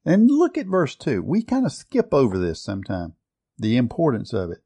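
A man preaching a sermon, emphatic, stretching out key words and often changing his loudness. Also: medium pitch, huge pitch swings, normal speed, slightly rough.

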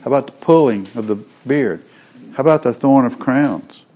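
A man's voice: mid-range voice, normal speed, mellow. A man teaching a Bible lesson in a sermon style, explaining word meanings step by step.

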